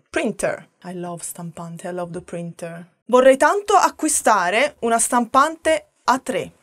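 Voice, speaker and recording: A woman with an Italian accent teaching vocabulary in a chatty, playful way, often laughing and asking viewers questions. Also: mid-range voice. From Italy. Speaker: language teacher. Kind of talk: casual vocabulary lesson to camera.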